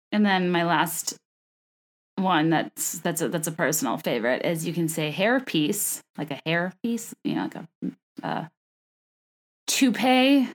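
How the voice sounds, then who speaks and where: A woman hosting a podcast, talking in a chatty, gossipy way with a wry, sarcastic edge. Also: medium pitch. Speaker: podcast host. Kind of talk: casual chat.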